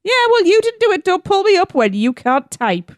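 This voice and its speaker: A woman's voice: very high-pitched, big pitch swings, normal speed, dry recording, clean studio sound. A woman co-hosting a podcast in casual chat, giggly and playful, tripping over words. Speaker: podcast co-host.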